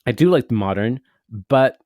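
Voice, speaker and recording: A man's voice: medium pitch, expressive, normal speed, dry recording, narrow, tinny audio. A man co-hosting a podcast, telling a story in a rambling, casual way and swearing now and then. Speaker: podcast co-host. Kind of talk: casual chat.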